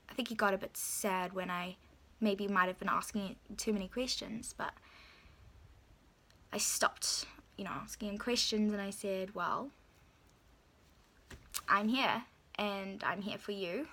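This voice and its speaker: A woman's voice: mid-range voice, steady tone, a little slow, pauses often, fairly bright tone. A woman telling a personal story in a chatty vlog, full of "like" and "you know". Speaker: vlogger.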